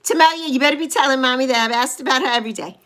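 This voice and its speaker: A woman's voice: high-pitched, racing, a bit bright, a little hiss or hum. A woman in her sixties hosting a livestream, effusively greeting viewers by name and thanking them. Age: 60s. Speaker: livestream host. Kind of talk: casual livestream greetings to chat.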